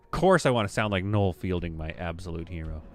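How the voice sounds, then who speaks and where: A man talks through a live game stream in a loose, rambling way and laughs easily. His voice rises and falls a great deal as he wanders from one thought to the next. Soft game music plays quietly underneath. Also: sits low, lively intonation, fast talker. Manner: rambling and chatty, laughs often. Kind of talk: casual live gameplay commentary.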